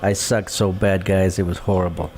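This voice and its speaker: A man's voice: low-pitched, level tone, normal speed, a little mellow, a little hiss or hum. A man streaming a game live, chatting casually and thinking aloud as he sorts his gear and menus. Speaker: gaming streamer. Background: guitar music.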